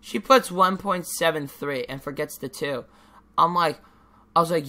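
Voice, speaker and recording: A man's voice: fairly high pitch, a little slow, pushed and bright. A teenage boy vlogging in a casual, rambling way, ranting and swearing freely with lots of fillers. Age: teens.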